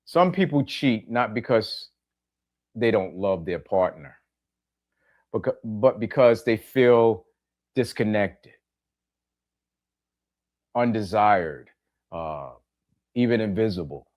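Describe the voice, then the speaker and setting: Speaking slowly and pausing often, this middle-aged podcast host has a lowish, darkish voice yet sounds animated. His reflective monologue addresses listeners plainly, with repeated key phrases and direct questions.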